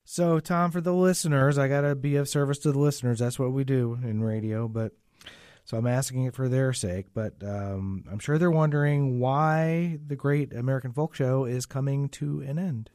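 A man's voice: medium pitch, normal speed, darkish tone, no room sound, studio quality. A man interviewing a guest on the radio, asking earnest questions with a playful touch. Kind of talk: on-air interview.

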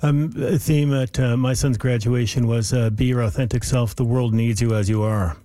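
A man hosting morning radio with a warm, mellow voice. He sounds dry and close to the mic. His manner is friendly and easygoing. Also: medium pitch, steady tone, normal speed, no room sound.

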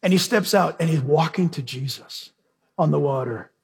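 A male preacher delivers a sermon in a high-pitched voice. His tone is husky and breathy, and he presses points home with emphasis and direct questions to the congregation. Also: normal speed. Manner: emphatic, questions the audience, animated storytelling.

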